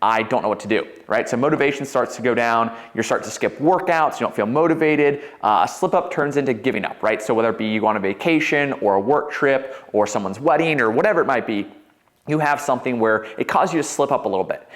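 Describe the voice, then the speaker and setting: Man, fitness coach, young adult, whiteboard lesson, casual and energetic, tags points with "right?". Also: mid-range voice, quick pace. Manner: energetic, conversational, frequent "right?". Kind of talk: whiteboard explainer talk.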